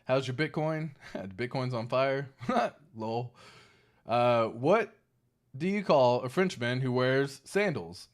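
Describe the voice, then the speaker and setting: A man hosting a crypto livestream, talking casually and reading the chat. He is emphatic and animated, swears freely and repeats his points for stress. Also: mid-range voice, takes it slowly.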